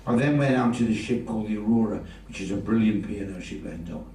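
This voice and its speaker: A man's voice: fairly low pitch, quick pace, warm tone, slight background noise. An older man with an English Midlands accent performing a live stand-up routine as a chatty storyteller who teases the audience. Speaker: stand-up comedian. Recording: roomy venue from far off, audience laughter.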